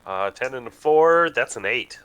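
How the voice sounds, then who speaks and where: A man's voice: mid-range voice, normal speed, clean tone, poor audio. A man playing a tabletop game, chatting in a playful, joking way. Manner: playful, joking, lively delivery. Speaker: player. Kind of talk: casual chat at a game table.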